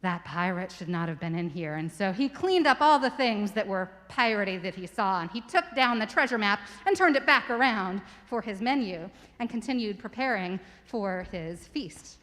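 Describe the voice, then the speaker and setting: A woman in a church telling a children's story to the congregation, lively and stopping to ask listeners questions. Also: fairly high pitch, normal speed, hardly any pauses, in a large hall. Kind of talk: story for all ages told aloud to a congregation. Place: church sanctuary.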